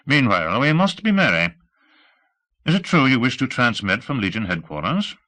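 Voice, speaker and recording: A man's voice: medium pitch, big pitch swings, normal speed, pushed and bright, voice pushed up. A man narrator voicing a genial, effusive colonel with a faintly British manner. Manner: hearty, courtly.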